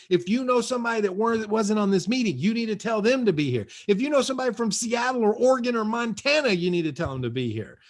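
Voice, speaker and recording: A man speaking from his home over a video call, giving a punchy, repetitive motivational talk as a guest real estate coach. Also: sits high. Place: his own house.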